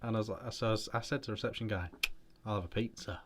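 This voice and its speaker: A man's voice: on the low side, fairly even intonation, rapid-fire. A British man co-hosting a casual chat, telling anecdotes in a dry, matter-of-fact way. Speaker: co-host.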